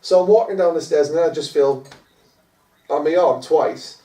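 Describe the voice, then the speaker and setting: A young man telling a story in casual chat, animated, swearing freely and laughing often. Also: on the high side, normal speed. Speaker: podcast guest. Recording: echoey room, mic at a distance.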